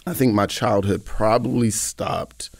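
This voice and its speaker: A man's voice: lowish voice, measured pace, gravelly, dry recording, clean studio sound. An American man, a comedian guest, telling personal stories candidly and acting out other voices. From United States. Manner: animated, acts out voices. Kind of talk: candid storytelling chat.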